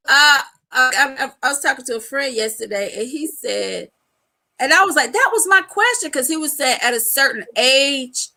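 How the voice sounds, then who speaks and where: A woman hosting a casual live chat, telling animated stories in a loose colloquial way and laughing often. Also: a little high, gravelly, low-quality recording. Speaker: host.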